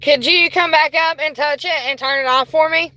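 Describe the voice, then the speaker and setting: Woman streaming a ghost hunt from her car phone, bright and a bit high, polite then gushing. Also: normal speed, rough recording. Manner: polite to spirits, bursts of excited squealing. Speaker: paranormal livestreamer. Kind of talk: livestream ghost investigation. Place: inside a car.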